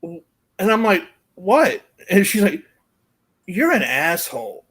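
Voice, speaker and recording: A man's voice: sits high, slow pace, husky. Man telling a rowdy story. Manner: animated storyteller, laughing through his own anecdote. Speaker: guest storyteller. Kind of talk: casual chat.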